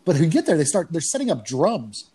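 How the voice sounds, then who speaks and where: A man with a somewhat high voice tells comedy tour stories in loose podcast chat. He swears freely and laughs through his own lines. When he quotes people, his pitch leaps upward. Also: a little fast, breathy edge. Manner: profane, animated storytelling with laughs.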